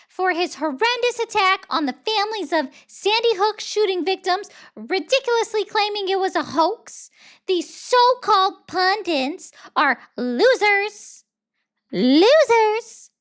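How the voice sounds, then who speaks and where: A woman's voice: extremely high pitch, a bit bright, pitched above the performer's own voice, exaggerated voice. A woman voicing a boastful, rambling older male president who insults his rivals. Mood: insulting.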